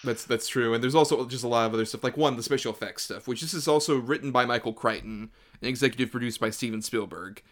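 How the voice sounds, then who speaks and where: Dude cohosting a film podcast, rambly, says like a lot, average voice. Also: male voice, medium pitch, fast talker, hardly any pauses, a bit bright. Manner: rambling, many "like" fillers. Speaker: podcast co-host. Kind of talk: casual film chat.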